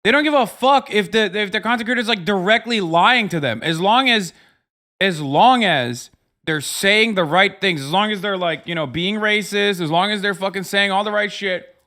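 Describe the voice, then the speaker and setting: A man in his thirties ranting profanely on a livestream, often switching into loud mocking voices. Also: high voice, normal speed. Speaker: streamer reacting to videos. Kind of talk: casual livestream commentary.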